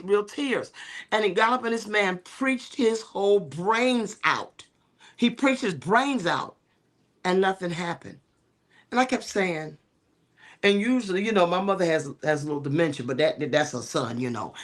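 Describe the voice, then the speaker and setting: A middle-aged woman who is a bishop and co-host, telling stories in a talk show discussion in an animated, preacherly way with many fillers. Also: lowish voice, normal speed.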